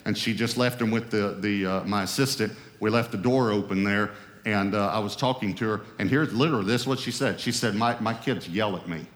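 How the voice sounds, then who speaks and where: A man's voice: lowish voice, fairly quick. Preaching man in a reverberant hall. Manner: emphatic preaching, rising and falling with stressed phrases. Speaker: pastor. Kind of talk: sermon.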